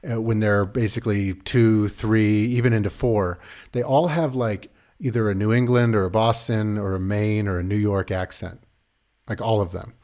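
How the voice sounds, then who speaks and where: A man in his thirties, a podcast co-host chatting casually and rambling, now and then putting on lively voices. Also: on the low side, moderate pace. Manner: rambling, does animated voices of his kids. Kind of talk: casual chat.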